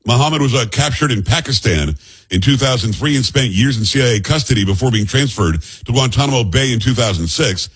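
Blunt, heated husky man ranting. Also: medium pitch, expressive, brisk. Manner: blunt, heated, stumbles over names. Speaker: host. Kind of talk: opinionated news commentary.

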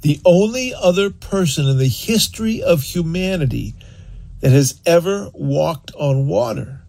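A male preacher with a gravelly, husky voice, speaking a little higher than most men. He takes his time and lets the pitch swing widely as he tells a story and exhorts his listeners. The delivery is earnest and animated. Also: measured pace. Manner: animated storyteller, acts out scenes. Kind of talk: sermon.

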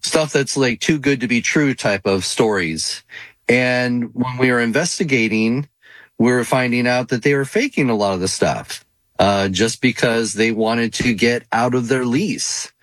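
A man's voice: mid-range voice, measured pace, a bit bright, no echo. A man who investigates the paranormal, talking earnestly in a casual interview.

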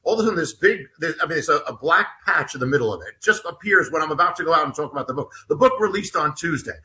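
A man's voice: on the high side, lively intonation, racing, pushed and bright. A man guesting as an author on an interview show, telling a personal story in a rambling way with many restarts and repeated words.

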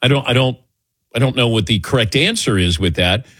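A man's voice: mid-range voice, fairly quick, fairly bright tone, breathy edge, dry recording. Dry, close-miked male sports host. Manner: rambling, loose, with restarts. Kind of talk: casual sports talk.

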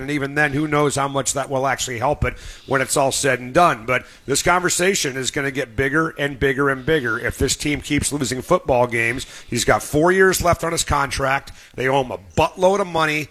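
Blunt sports-radio host, man, forceful and bright. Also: mid-range voice. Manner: blunt, emphatic.

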